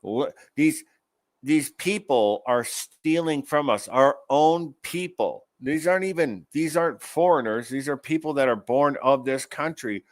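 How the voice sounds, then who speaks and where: A man's voice: medium pitch, unhurried, dry recording. A man hosting an online commentary show, ranting angrily about news clips with profanity and sarcasm. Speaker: show host.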